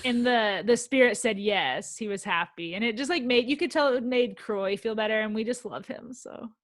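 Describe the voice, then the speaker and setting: A woman co-hosting a podcast, chatting casually and quickly about reality TV with lots of fillers. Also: a little high, dry recording. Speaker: podcast co-host.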